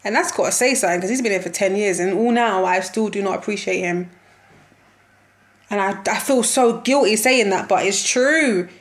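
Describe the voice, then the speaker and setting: A woman's voice: medium pitch, moderate pace. Young woman ranting casually about football. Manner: animated, laughing, slangy and exasperated. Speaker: football vlogger reacting to a match. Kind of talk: casual match reaction chat.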